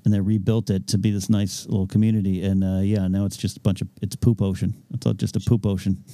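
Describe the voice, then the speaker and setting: Dude co-hosting a silly chat show, mellow darker voice, dry close sound, quick jokes and reads the chat out. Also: male voice, deep voice, little pitch movement, no echo. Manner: quick quips, reads viewer chat aloud. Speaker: co-host. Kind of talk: casual chat.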